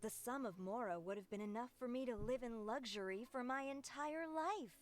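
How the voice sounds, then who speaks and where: A woman's voice: a little high, normal speed, lightly acted. A woman voicing a puzzled young female bystander in a game. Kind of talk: game cutscene voice acting.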